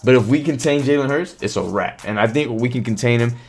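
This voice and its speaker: A man's voice: medium pitch, fast talker. A man hosting a live stream, talking casually about football, swearing freely and reacting to chat comments, with faint music behind him. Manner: animated, swears, reads chat comments aloud.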